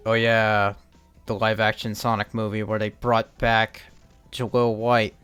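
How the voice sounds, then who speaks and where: A man's voice: on the low side, completely flat delivery, a little slow, fairly bright tone, smooth, faint music behind. A young man chatting casually as he streams a game, rambling and restarting his sentences, with the odd curse thrown in. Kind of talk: casual live-stream commentary while playing.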